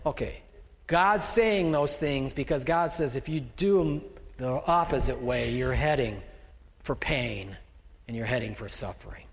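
A man's voice: mid-range voice, unhurried, long reverb tail. A middle-aged male pastor preaching a conversational sermon from the pulpit, with folksy asides to the congregation and the slide operator. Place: church sanctuary, speaking from a raised pulpit.

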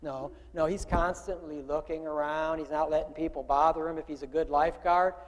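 A man, the pastor, giving a conversational sermon, asking his congregation questions and swinging from quiet talk to loud calls. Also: fairly high pitch, fairly even intonation, fairly quick, big-room sound. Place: church room with a congregation.

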